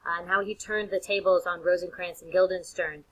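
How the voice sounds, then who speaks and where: A woman teacher lectures casually, retelling the story in an animated, slangy way with frequent fillers and restarts. Her voice is bright and forceful, with a slightly tense edge. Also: lowish voice, a little fast, poor audio.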